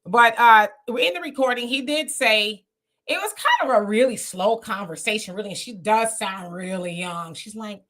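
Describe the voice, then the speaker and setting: A woman's voice: mid-range voice, normal speed, fairly bright tone. A woman hosting a live stream, giving chatty, opinionated commentary and laughing often. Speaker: livestream host.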